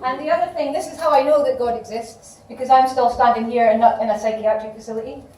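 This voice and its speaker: A woman's voice: on the high side, fast talker, a little mellow, very echoey, far from the mic, poor audio. A woman from Aberdeen with a Scottish Aberdonian accent, doing impromptu stand-up comedy and swearing freely. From Aberdeen, Scotland. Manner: swearing, laughs at her own jokes. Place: comedy club room.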